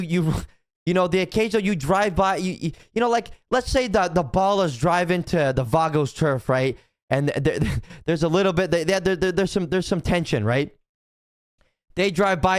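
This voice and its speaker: A man's voice: on the high side, dry recording, clean studio sound. Rambling profane young man streamer. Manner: rambling, profane, many restarts and repeated "right?". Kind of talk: casual opinion chat to stream chat.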